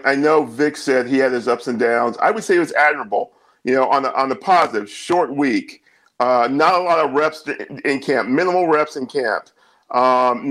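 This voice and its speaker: Guy breaking down football as a guest, mid-pitch, lots of ums and restarts. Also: fairly bright tone, rough recording. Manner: measured, many fillers and repeats. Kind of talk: casual sports talk.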